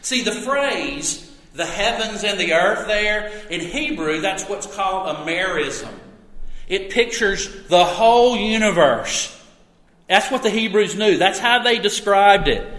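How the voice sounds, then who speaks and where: A man's voice: sits high, expressive, measured pace, fairly bright tone. A middle-aged man preaching a sermon as a pastor, earnest and emphatic, his volume swelling and dropping. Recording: echoey hall reverb.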